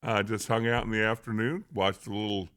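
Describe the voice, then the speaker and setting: Easygoing middle-aged co-host guy, bright voice, casual sports chat. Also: on the low side, little pitch movement, fairly quick, smooth.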